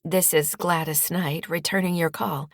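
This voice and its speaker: Woman reading as a calm counselor. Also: on the low side, unhurried, no room sound, studio quality.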